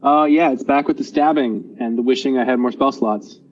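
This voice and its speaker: A man's voice: medium pitch, moderate pace, faint music behind. A man playing a tabletop game, wry and self-mocking. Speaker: player. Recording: dull lo-fi voice chat.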